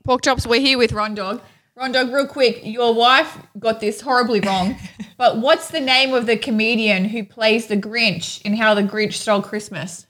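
A woman's voice: on the high side, moderate pace, a bit bright. A woman co-hosting a podcast, swearing freely and laughing hard as she quizzes her friend. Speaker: podcast co-host. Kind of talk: casual chat, quizzing her co-host.

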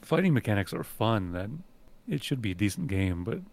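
A man's voice: fairly low pitch, big pitch swings, moderate pace, darkish tone. A man co-hosting a gaming podcast in casual chat, blunt and swearing casually. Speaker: podcast co-host.

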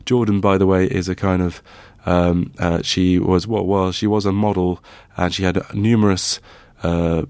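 Deep-voiced derbyshire guy on a podcast, wry and rambly, dry close sound. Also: flat delivery, normal speed, few pauses, darkish tone, dry recording. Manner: chatty, wry, rambling with fillers. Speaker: podcast co-host. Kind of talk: casual chat.

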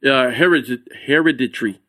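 A man's voice: medium pitch, a little fast, pushed and bright. A man in casual podcast chat, teasing and playful, laughing often. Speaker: podcast guest, comedian.

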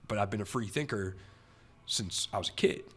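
Man, podcast host, bright forceful tone, lowish voice, rambling and emphatic. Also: moderate pace, breathy edge. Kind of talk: casual chat.

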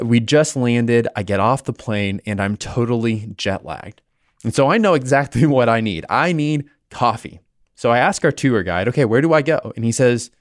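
A man's voice: mid-range voice, dry recording, clean studio sound. A man hosting a podcast, teaching about the Bible in a conversational way and telling a personal story along the way. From United States. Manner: conversational, animated storytelling with small restarts.

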